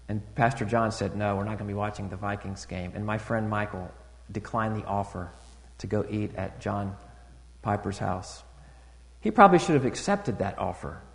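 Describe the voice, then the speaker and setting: A man preaching a sermon in a relaxed, conversational way, full of fillers and restarts, rising loud and high to stress a point and dropping quiet for asides. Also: long reverb tail. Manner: rises loud and high for emphasis, drops soft for asides. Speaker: pastor.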